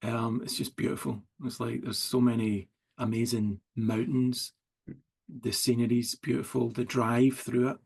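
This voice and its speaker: A man's voice: mid-range voice, flat delivery, a little slow, creaky, darkish tone, slightly rough. A middle-aged Scottish man, a writer as interview guest, rambling through anecdotes full of likes and quoted dialogue. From Scotland. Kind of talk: casual storytelling chat.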